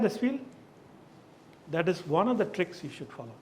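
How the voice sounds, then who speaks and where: High-voiced man giving a lively talk. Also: normal speed, long pauses. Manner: emphatic, asks the audience questions. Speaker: speaker leading an awareness session. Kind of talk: live lecture to an audience.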